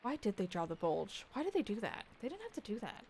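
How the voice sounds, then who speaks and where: Woman streamer, mid-pitched, reads game text aloud and drops into quiet muttered quips; slight background hiss. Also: very animated, fast. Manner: reads game dialogue aloud between joking asides; drops to soft muttered remarks. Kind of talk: let's-play commentary.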